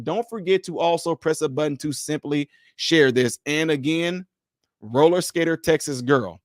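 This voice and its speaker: A man's voice: on the high side, no room sound, studio quality. A man hosting a casual livestream for viewers, speaking emphatically with a preacher-like delivery. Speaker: livestream host.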